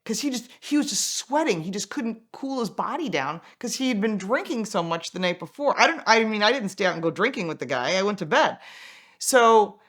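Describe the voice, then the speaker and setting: A woman's voice: medium pitch, brisk. A woman who is an automotive journalist and racer, telling an anecdote in a casual way and acting out the dialogue. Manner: animated, acts out quoted dialogue.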